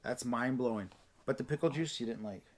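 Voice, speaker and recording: Chatty dad hosting a family vlog. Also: male voice, mid-range voice, a little fast. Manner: chatty and exclamatory, repeats himself. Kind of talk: casual family vlog chat.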